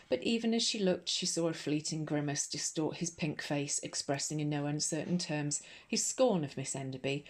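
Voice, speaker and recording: An English woman with a notably low voice reads a novel aloud in a soothing audiobook style. Her storytelling is gentle and measured throughout. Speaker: audiobook narrator. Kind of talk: ASMR audiobook narration.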